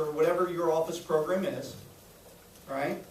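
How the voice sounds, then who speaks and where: A man with a high voice teaches sales to a roomful of trainees, cracking jokes and checking in after nearly every point. He sounds far from the mic in an echoey room, with faint noise behind him. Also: big pitch swings, moderate pace, a little mellow. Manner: jokey, keeps checking in with "right?". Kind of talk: training lecture to a group.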